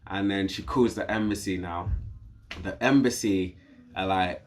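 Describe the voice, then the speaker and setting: Fairly low-pitched and speaking at an ordinary speed, a British man guesting on a podcast spins a casual anecdote. He brings it to life by voicing the people in it.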